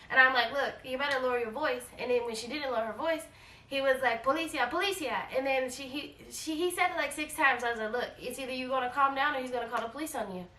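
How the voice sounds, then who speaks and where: A woman in her forties telling a travel storytime in a casual, animated way, acting out quoted lines and repeating herself. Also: sits high, far from the mic. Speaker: travel vlogger. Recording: echoey room, voice a bit off-mic.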